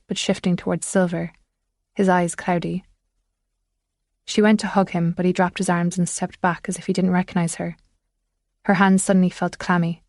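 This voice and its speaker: A woman's voice: lowish voice, a little mellow, no echo, clean studio sound. Woman narrating a thriller audiobook. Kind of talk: scripted narration.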